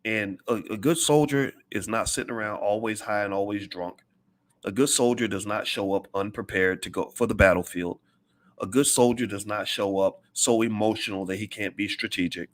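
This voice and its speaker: A man's voice: fairly low pitch, moderate pace. A middle-aged man giving an impassioned, preachy monologue as a commentator, hammering his points with repetition.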